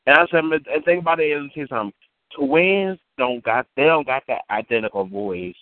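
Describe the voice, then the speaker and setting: Over a dry, tinny phone-like line, a caller on a community call tells a rambling, profane story and keeps repeating himself. He speaks at a normal speed in a mid-range voice, with no echo.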